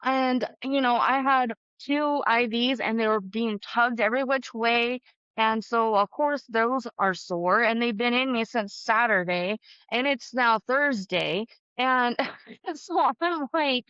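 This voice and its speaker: A woman's voice: fairly high pitch, takes it slowly, fairly bright tone, smooth, no echo, dull audio. A woman talking candidly and emotionally as a podcast guest, with fillers and the odd laugh. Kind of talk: casual conversation.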